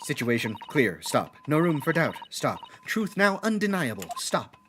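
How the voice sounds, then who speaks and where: A man voicing a gruff male juror with a put-on Russian accent, talking in short, clipped, telegram-style bursts. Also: fairly high pitch, very animated, moderate pace, a bit bright, a little hiss or hum. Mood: terse. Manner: clipped, terse telegram phrasing.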